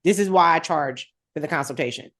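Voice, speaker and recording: A woman's voice: low-pitched, brisk. A woman wellness coach talking frankly in a casual podcast chat, animatedly quoting the people she works with. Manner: frank and animated, quotes her clients.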